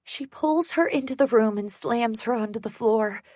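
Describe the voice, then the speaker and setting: A woman narrating a first-person psychological thriller audiobook in a tense, measured way. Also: a little high, darkish tone, dry recording, clean studio sound.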